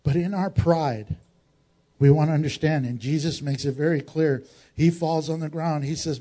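A male pastor preaching a sermon dramatically, swinging between raised exclamations and hushed low tones and putting rhetorical questions to the congregation. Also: normal speed.

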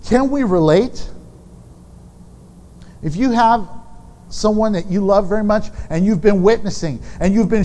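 A man with a high-pitched voice preaches a sermon, talking frankly and conversationally, dropping candid asides to his congregation. His voice carries a long reverb, as if it fills a large hall. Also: darkish tone. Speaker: pastor.

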